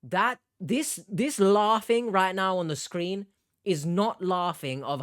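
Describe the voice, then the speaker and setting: Blunt and exasperated, this commentator lectures in a middle-pitched voice. The sound is dry and close, with no room to it. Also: slow pace, a bit bright, no room sound. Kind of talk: reaction commentary.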